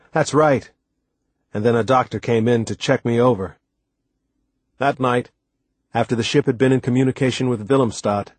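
Husky man narrating an audiobook. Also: mid-range voice, dry recording. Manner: steady, measured reading. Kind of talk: scripted narration.

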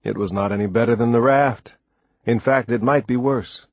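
A man narrating an audiobook in steady, first-person storytelling. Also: mid-range voice, normal speed, dry recording. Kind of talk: scripted narration.

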